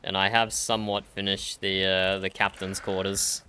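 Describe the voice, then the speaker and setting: A man's voice: low-pitched, flat delivery, normal speed, sharp tone, smooth. An Australian man chatting casually during an online roleplay game, laughing often and repeating his own phrases. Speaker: roleplay streamer.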